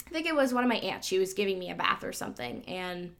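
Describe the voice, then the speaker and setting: A woman's voice: medium pitch, animated, fast, vocal fry, fairly bright tone. Chatty woman telling a ghost story. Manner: chatty, many "like" fillers. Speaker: podcast guest. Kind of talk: casual storytelling.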